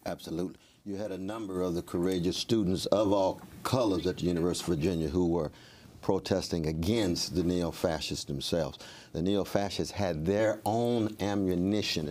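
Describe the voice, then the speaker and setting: A man's voice: low-pitched, brisk, a little mellow. A man recounting events in an interview, impassioned and stumbling over restarts. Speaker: interviewee activist. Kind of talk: passionate interview testimony.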